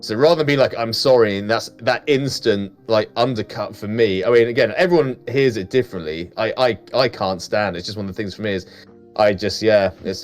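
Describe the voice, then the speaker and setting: Blunt stream co-host, a man with a lowish voice, faint music behind. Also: fairly quick. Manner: blunt, emphatic, swears freely. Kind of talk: casual chat.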